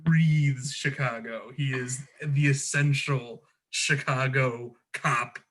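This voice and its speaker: A man's voice: mid-range voice, steady tone, takes it slowly, a bit bright. A man co-hosting a podcast in a casual, joking chat, with frequent fillers and restarts. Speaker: podcast co-host.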